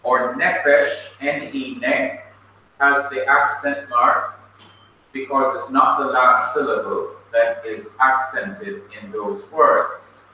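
A Jamaican man teaches a classroom lesson at a very slow, patient pace, spelling words out letter by letter. His voice is bright and forceful. He sounds set back from the mic in a very echoey room with faint noise. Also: mid-range voice, fairly even intonation, distant mic. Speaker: Bible college teacher. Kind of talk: classroom lecture.

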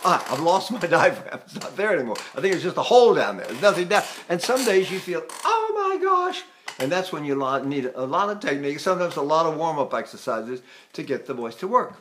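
A man's voice: a little high, animated, quick pace, hardly any pauses, a bit bright, a little hiss or hum. An older man teaching singing in a chatty, self-mocking way, breaking into sung vowel demonstrations. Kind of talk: spoken vocal lesson with sung demonstrations.

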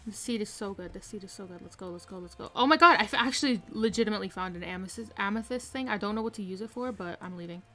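A woman streaming a game live from her room, excitedly commenting and repeating herself with hyped exclamations. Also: mid-range voice, fast, hardly any pauses, faint music behind. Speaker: gaming streamer.

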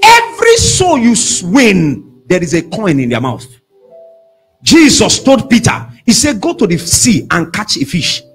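A man preaches a sermon, his high voice leaping up and down as he calls out for responses. His tone is slightly husky. Faint music plays behind him. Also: big pitch swings, measured pace. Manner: call-and-response preaching, shouting at peaks. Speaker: pastor.

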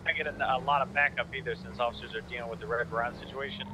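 Brisk man giving police callouts. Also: medium pitch, fairly even intonation, sharp tone, slight background noise, rough recording. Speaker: fellow police officer in a game roleplay. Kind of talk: radio-style police callouts.

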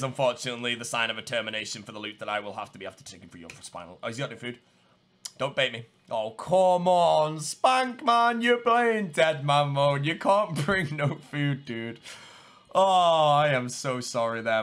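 A young man giving excitable live gameplay commentary, swinging between low muttering and loud yelling. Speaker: gaming streamer.

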